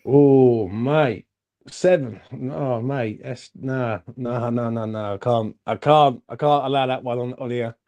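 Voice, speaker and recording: A man co-hosting a casual football fan chat, animated and chatty, calling everyone "mate". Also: mid-range voice, slow. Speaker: fan channel co-host.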